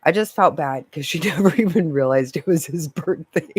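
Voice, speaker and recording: A woman's voice: deep voice, normal speed, darkish tone, breathy edge. A woman vlogger talking in a casual, rambling monologue, swearing freely and often breaking into laughter.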